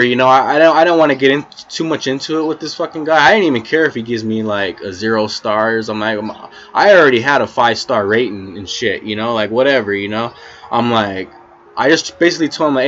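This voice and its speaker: A man's voice: mid-range voice, a little fast, fairly bright tone, dull audio, faint music behind. A man telling a rambling, profane story about his rideshare driving days in a casual vlog, with constant "you know" fillers. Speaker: former rideshare driver.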